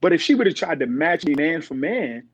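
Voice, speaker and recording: A man's voice: fairly high pitch, brisk, breathy edge, dry recording. A middle-aged man, a podcast guest, telling stories in casual talk and acting out the voices of the people in them. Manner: animated, acts out quoted voices. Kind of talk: casual storytelling. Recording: dull, dry sound.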